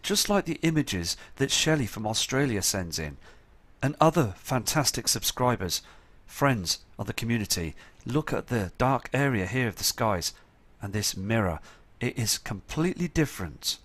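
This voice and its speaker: A man's voice: medium pitch, fairly bright tone. A man hosting his channel, giving earnest, urgent voice-over commentary on photos sent in by viewers. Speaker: channel host.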